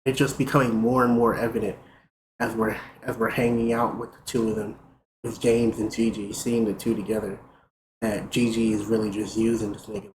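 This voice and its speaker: A young man streaming, casually telling a profane, animated story. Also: fairly low pitch, fairly quick. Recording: roomy with faint noise.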